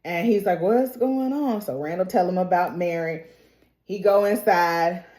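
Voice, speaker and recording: A woman recapping a TV episode in a lively, casual, very reactive way. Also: lowish voice, normal speed. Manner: lively, colloquial, reacts loudly. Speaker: TV recap YouTuber. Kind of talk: animated show recap. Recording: roomy echo.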